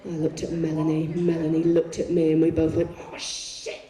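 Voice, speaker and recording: A woman's voice: deep voice, fairly quick. Bawdy woman on a stage. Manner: bawdy, swearing, deadpan comic asides. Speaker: poet performing on stage. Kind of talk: live stage storytelling. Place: large concert arena on stage. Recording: echoey arena heard from far off.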